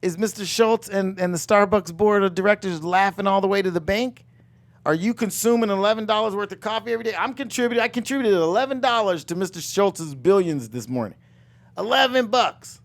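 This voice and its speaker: A middle-aged man hosting a live finance coaching talk, loud and emphatic, repeating his phrases and mixing in jokes. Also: high-pitched, a little fast. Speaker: real estate coach and show host.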